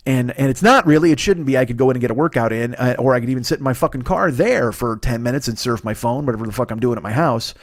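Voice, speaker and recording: A man in his forties hosting a podcast, rambling through a profane, self-mocking comedy monologue while sick, his voice a bit hoarse and sniffly. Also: mid-range voice, quick pace, hardly any pauses, no room sound, studio quality. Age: 40s. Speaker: podcast host.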